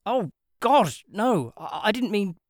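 A man's voice: sits high, sing-song, slow, dry recording, studio quality, voice pushed up, full character voice. Narrator voicing a flustered, stammering young man. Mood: awkward. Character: awkward, polite young office man.

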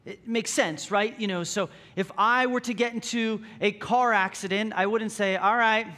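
A man's voice: high-pitched, steady tone, normal speed, bright, forceful tone. A man preaching a sermon in a conversational way, reading scripture and asking the congregation rhetorical questions. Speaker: pastor.

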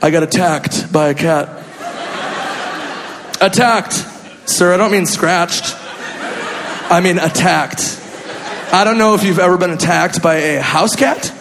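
A male stand-up comedian from Minnesota, telling a story in an animated, exaggerated way with sudden shouts. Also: sits high, takes it slowly, pauses often, a crowd in the background. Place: comedy club stage. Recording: echoey club, audience laughter and noise.

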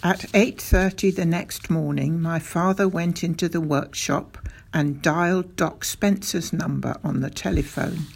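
An audiobook narrator reading a children's novel aloud in first person, in an unhurried, even storytelling manner. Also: medium pitch, creaky, slightly rough.

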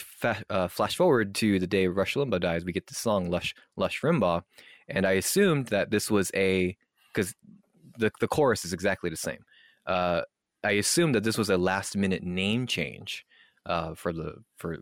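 A man's voice: sits low, no echo, clean studio sound. A man co-hosting a podcast, rambling casually with lots of fillers and restarts. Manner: rambling, filler-heavy, mock-formal when reading aloud. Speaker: podcast co-host.

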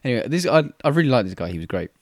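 A British man co-hosting a podcast, telling stories in a casual, animated way with frequent laughs. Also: medium pitch, rapid-fire, dry recording, studio quality. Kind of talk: casual chat.

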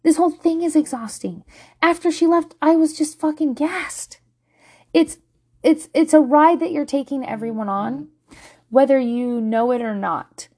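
A woman, telling a candid, profane parenting story in a vlog monologue. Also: unhurried. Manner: profane, animated, swings to loud and high when laughing.

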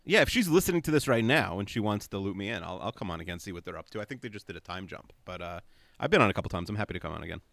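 A man co-hosting a podcast in casual chat, quick and dry, with a self-deprecating manner. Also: fairly low pitch, animated, vocal fry, fairly bright tone, no echo. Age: adult, past young-viewer age. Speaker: podcast co-host.

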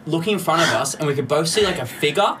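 A man's voice: a little high, animated, quick pace. Swearing young man telling tales. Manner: rambling, swears freely, laughs through his stories. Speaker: guest. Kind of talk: casual podcast chat, storytelling. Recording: noisy room with clicks.

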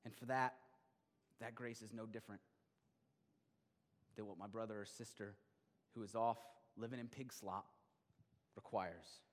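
A middle-aged male pastor delivering a sermon, swinging between loud emphatic bursts and quiet, intimate stretches. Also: lowish voice, steady tone, unhurried, long pauses. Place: church sanctuary. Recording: long hall reverb.

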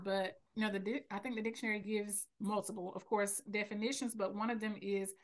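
A woman's voice: medium pitch, steady tone, brisk, hardly any pauses. A woman in her thirties with a Southern US accent from North Carolina, a coach answering interview questions in an earnest way and laughing easily. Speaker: teen and parent coach, podcast guest.

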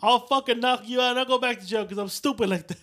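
A man co-hosting a podcast, giving loud, teasing shout-outs in casual chat. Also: very high-pitched, fast, soft background music. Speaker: podcast co-host.

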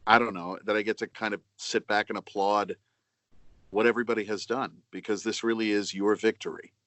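A man talking as a voice actor guest on a podcast, chatty and self-deprecating with halting restarts. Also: on the low side, steady tone, a bit bright, no echo. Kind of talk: casual podcast chat.

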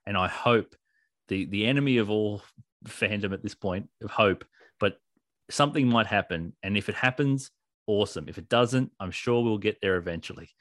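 A man co-hosting a podcast in casual chat, excitable and rambling, laughing often. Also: lowish voice, moderate pace, dry recording, clean studio sound. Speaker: podcast co-host.

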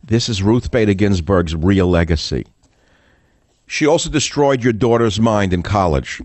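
Combative deep-voiced older male host. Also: animated, unhurried, darkish tone, no room sound. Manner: combative, scornful, repetitive emphasis. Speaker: talk radio host. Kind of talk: opinionated political monologue.

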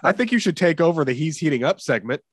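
A man's voice: on the high side, expressive, fast, husky, no echo, clean studio sound. A man hosting a podcast in casual chat, rambling and cursing with many fillers. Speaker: podcast host.

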